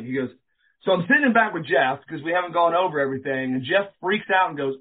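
Male interview guest, lively raconteur who plays out every quote; slightly high pitch, thin phone-line audio. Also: quick pace. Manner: animated storyteller, acts out quoted dialogue, swears casually. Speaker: interview guest, former pro wrestler. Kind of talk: casual storytelling interview.

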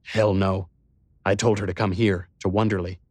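A man's voice: deep voice, level tone, moderate pace, a little mellow, no room sound. A man reading a novel aloud, voicing a youngish tech billionaire who talks bluntly in a sure, strong voice. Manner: blunt and casual. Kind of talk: audiobook character voice.

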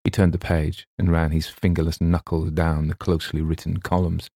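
Deep gravelly male audiobook narrator. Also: little pitch movement, moderate pace, warm tone, dry recording, studio quality.

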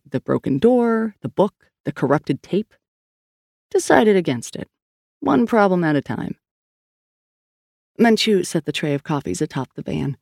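A man narrating an audiobook in a steady, even reading. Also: sits high, normal speed, vocal fry, no echo, studio quality.

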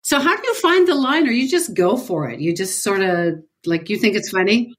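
A woman co-hosting a talk show, asking questions in a lively, amused way. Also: medium pitch, moderate pace. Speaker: co-host. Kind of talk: casual interview chat.

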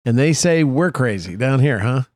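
A man co-hosts a podcast and throws out joking, teasing questions. His voice is mid-pitched and sounds close and dry. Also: animated, moderate pace, a little mellow, no echo. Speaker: podcast co-host. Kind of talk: casual chat.

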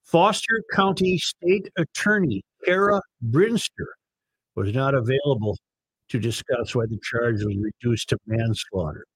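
A man's voice: medium pitch, expressive, measured pace, breathy edge, no room sound, poor audio. A man hosting a talk radio show, reading news and this-day-in-history items in a casual, conversational way. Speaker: radio host.

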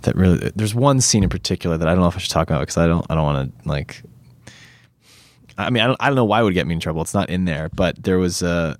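A man talks as a guest in a relaxed interview. He rambles in an animated way and slips into acting out lines as he tells stories. The sound is dry, with no room around it. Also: low-pitched, quick pace, no echo. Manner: animated, rambling, acts out quotes. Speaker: actor guest. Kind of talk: casual interview chat.

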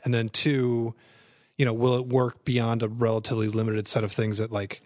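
A man co-hosting a casual tech podcast, explaining things in a relaxed way. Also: medium pitch, moderate pace, dry recording, clean studio sound. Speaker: podcast co-host. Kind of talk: casual chat.

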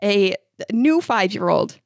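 A mother co-hosting a podcast, telling a story with plenty of laughter. Her voice sits in a middle pitch. It is recorded close and dry, with no room sound. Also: takes it slowly, no room sound. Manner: animated storyteller, laughing often. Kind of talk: casual chat and read ad.

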